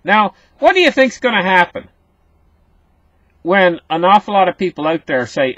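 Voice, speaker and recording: Husky man giving casual market commentary. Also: sits high, sing-song, moderate pace, long pauses, a bit bright, dry recording, lo-fi sound. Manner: talks to viewers as "guys", repeats words, rambly.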